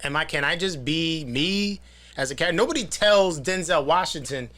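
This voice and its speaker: A male film-director guest answering interview questions in an earnest, reflective way, livened up by jokes. His voice is bright and forceful, pitched a little high. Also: animated, moderate pace.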